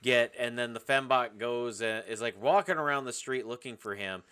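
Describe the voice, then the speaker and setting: A man's voice: mid-range voice, moderate pace, bright, forceful tone, smooth. A young man from the American South, co-hosting a movie podcast in a jokey way, swearing and acting out lines. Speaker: podcast co-host. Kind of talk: casual movie chat.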